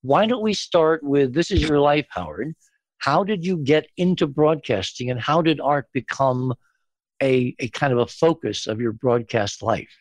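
A man's voice: medium pitch, lively intonation, unhurried, no room sound. A man hosting a late-night radio show, chatting familiarly with a guest and rambling through fillers. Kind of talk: casual radio interview.

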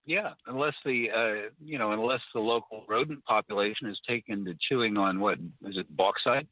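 Low-voiced man, halting, on a tinny line. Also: no echo. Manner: halting, many fillers and restarts. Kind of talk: casual talk-radio conversation. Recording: tinny phone-like line, dry.

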